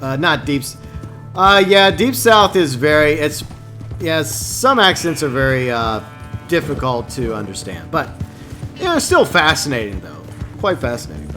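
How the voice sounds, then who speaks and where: A man's voice: a little high, very animated, normal speed, sharp tone, soft background music. A man streaming an online game, chatting loosely with his viewers in a rambling way, often stopping and restarting his sentences. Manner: rambling, talks to chat with many restarts. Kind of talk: casual gaming stream chat.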